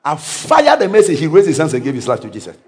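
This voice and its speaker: A male pastor delivers a lively sermon in a high, bright voice that leaps up and down. He bursts into sudden shouts and chuckles at his own anecdotes. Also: fast. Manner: animated preaching, sudden shouts, laughs at own stories. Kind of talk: energetic sermon.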